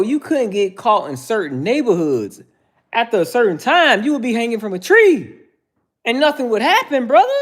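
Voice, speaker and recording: Animated man ranting to his stream chat. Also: high voice. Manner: heated, preachy, says "bro" constantly; addresses chatters by name. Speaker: livestream host. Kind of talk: casual livestream chat answering viewers.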